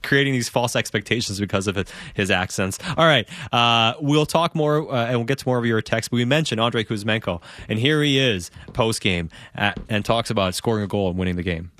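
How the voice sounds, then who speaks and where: A man's voice: on the low side, a little fast, hardly any pauses, fairly bright tone, dry recording. A man hosting a sports talk podcast, laying out his analysis with rhetorical questions. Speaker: podcast host.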